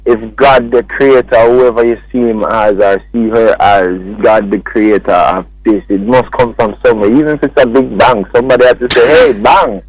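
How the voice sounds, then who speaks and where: A man's voice: medium pitch, normal speed, few pauses, no room sound, poor audio. A man with a Jamaican accent, a music producer talking as a guest in a casual radio interview, telling stories animatedly and acting out what others said. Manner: animated storytelling that acts out quoted speech. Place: radio studio.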